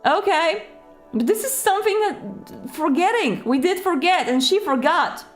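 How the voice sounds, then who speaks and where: A woman's voice: very high voice, lively intonation, measured pace, faint music behind. A young woman hosting a let's play, reading the game's text aloud and chatting as she plays, often muttering to herself.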